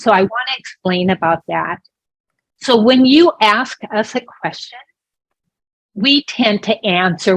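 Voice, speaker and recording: A woman's voice: medium pitch, fairly bright tone, rough recording. A woman working as a voice interpreter, speaking a sign-language lesson aloud in an explanatory, conversational way with small restarts. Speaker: voice interpreter for a deaf presenter.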